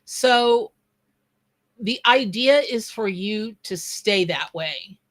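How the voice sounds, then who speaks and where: A woman's voice: medium pitch, lively intonation, takes it slowly. A woman who reads tarot on a live stream. She chats in a loose, scattered way and breaks off mid-thought to greet viewers from the chat. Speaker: tarot reader and psychic. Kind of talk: live-stream reading with chat shout-outs.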